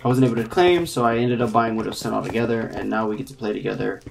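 Gravelly young gamer host, chatty and jumpy, on a computer mic with loud key clicks. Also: mid-range voice, fast talker, slight background noise. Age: 20s. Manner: excitable, yelps when startled. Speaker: gaming channel host. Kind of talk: casual gameplay chat. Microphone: computer mic with clicking keys.

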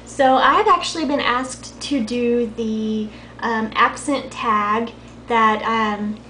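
A soft-spoken young woman from Texas with a light Texan accent and a high-pitched voice, chatting casually to her camera. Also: slow pace, slight background noise. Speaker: vlogger. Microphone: built-in camera mic. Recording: echoey room.

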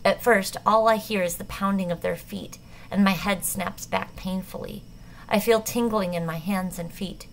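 A woman narrating a novel in the first person, measured and tense. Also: medium pitch, fairly even intonation, creaky, slight background noise, low-quality recording. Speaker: audiobook narrator.

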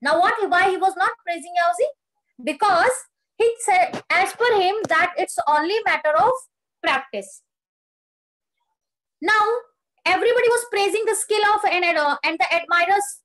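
A woman's voice: very high-pitched, moderate pace, fairly bright tone, low-quality recording. A woman teaching a lesson, retelling a story line by line, asking questions and explaining the meaning of words. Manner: explains words and asks questions, rereads quoted lines.

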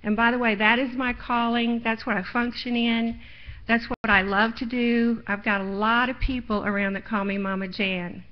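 Woman preacher, middle-aged, somewhat high voice, folksy testimony, muffled live-stream sound. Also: fairly even intonation, moderate pace. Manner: folksy, personal testimony, building to louder emphasis. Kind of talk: sermon. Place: church.

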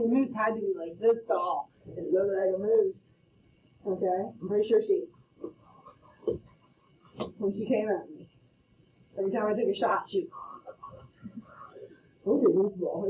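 A middle-aged woman teaching a math class, playful and storytelling, often checking in with "okay?". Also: mid-range voice. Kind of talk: classroom lecture. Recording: roomy, distant, muffled classroom audio.

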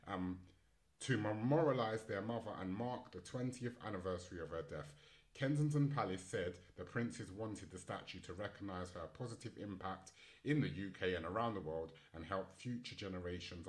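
A man hosting a casual panel podcast, reading news items aloud and breaking off into chatty commentary with fillers. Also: lowish voice. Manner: reads articles aloud, then breaks off into chatty asides with fillers. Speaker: podcast host and moderator.

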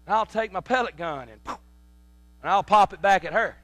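A pastor preaching a sermon, animated, with repeated words and sudden loud emphasis, telling folksy family stories. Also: male voice, high voice, moderate pace, no room sound. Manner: tells folksy family anecdotes. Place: church sanctuary.

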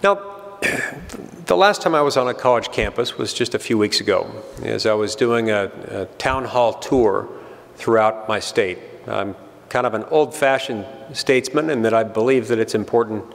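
Middle-aged guy, gravelly voice, dry jokey speech, big echoey hall. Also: on the low side, normal speed. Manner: dry self-deprecating storytelling. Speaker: senator giving a speech. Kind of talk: humorous public speech. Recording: long hall reverb.

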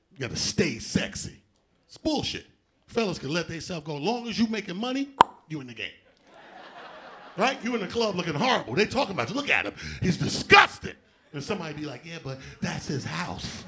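A man doing a live stand-up set, loud and animated, shouting out punchlines and acting out other people's voices. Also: a little high. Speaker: stand-up comedian. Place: theater stage before a live audience.

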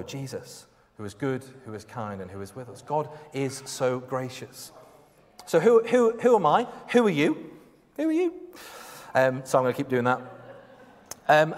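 A man preaching a conversational, emphatic sermon, acting out quotes as he goes. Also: on the high side. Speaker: pastor. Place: church hall. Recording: long hall reverb.

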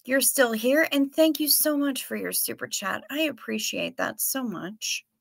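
A woman's voice: sits high, animated, a little slow, gravelly, no echo. A woman with a Minnesota accent hosting a livestream, chatting casually and reading viewer comments aloud in a playful way. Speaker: livestream host.

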